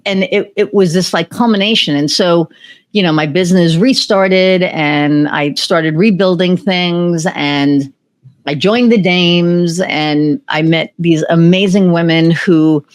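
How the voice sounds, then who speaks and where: A woman's voice: lowish voice, slow. A woman as a podcast guest, animatedly telling a personal story and acting out remembered conversations. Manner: animated, acts out remembered dialogue; many fillers and restarts. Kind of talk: casual storytelling interview.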